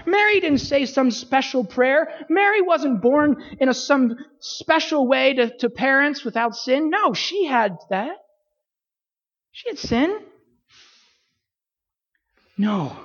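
A woman preaching a sermon, asking rhetorical questions and swinging her pitch widely for emphasis. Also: highs cut off.

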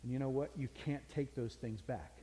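A man's voice: medium pitch, fairly quick, mellow. Folksy older male preacher in a hall. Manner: folksy storytelling, earnest. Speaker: pastor. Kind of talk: sermon.

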